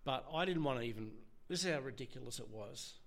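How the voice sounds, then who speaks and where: A middle-aged man with an Australian accent, a former police officer telling his story as an interview guest, halting and emotional, often restarting his sentences. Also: animated, a bit bright. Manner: halting, restarts often, voice drops low when quoting others. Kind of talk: candid personal storytelling.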